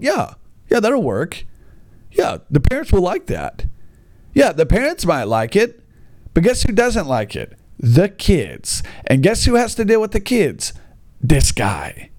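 An exasperated American man, a teacher telling a sarcastic comic rant. His voice sits a little high and swings up and down with lively animation, mocking those he talks about. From United States. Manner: exasperated, sarcastic, acts out voices of kids and parents. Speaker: English teacher. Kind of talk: stand-up style comic rant.

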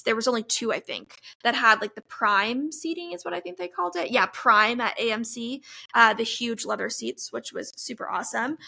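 A woman's voice: on the high side, creaky, pushed and bright. Bubbly young woman gushing fan story. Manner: gushing, breathless fan recap with many fillers. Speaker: podcast host. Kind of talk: excited casual storytelling.

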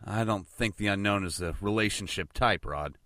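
Snarky american adventure guy, played by a man, bright, dry close mic, lively. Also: fairly low pitch, normal speed, no echo, close to an everyday voice. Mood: sarcastic. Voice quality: sarcastic, wisecracking. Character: sarcastic American adventurer, young adult man. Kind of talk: audio drama acting.

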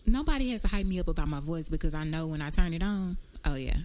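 A woman's voice: sits low, fast, a little mellow, a little hiss or hum. A woman guest co-hosting a podcast, answering playfully in short replies. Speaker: guest co-host. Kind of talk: casual chat.

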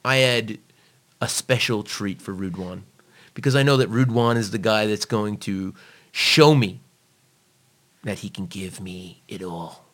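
A fitness trainer in casual conversation, a man with a lowish voice. He talks bluntly and swears freely, and he acts out the things he says to clients. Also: measured pace. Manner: blunt, profane, animated when quoting others. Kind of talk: casual podcast chat.

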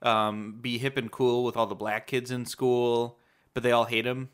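A man's voice: mid-range voice, flat delivery, normal speed, clear, resonant tone. A man co-hosting a podcast, chatting casually about a movie and telling it in a rambling way with many fillers. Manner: rambling, filler-heavy storytelling. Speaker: podcast co-host.

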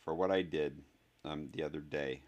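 An earnest boy of about eleven, intense and a little awkward, stumbling through words with halting ums, as a man reads him aloud in a storybook. The voice sits fairly low, only lightly lifted for the boy. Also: darkish tone. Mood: contrite. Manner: hesitant apology, faltering with ums.

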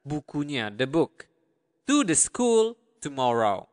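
A man teaching a language lesson, patiently repeating words slowly and checking in with the listener. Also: fairly high pitch, sing-song. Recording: long hall reverb.

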